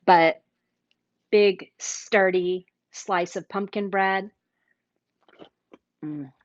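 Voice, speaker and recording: A woman's voice: mid-range voice, steady tone, drawn-out words. A woman hosting a casual live cooking demo, chatty and enthusiastic, sometimes talking with her mouth full while tasting. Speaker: cooking show host. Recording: dull lo-fi livestream audio.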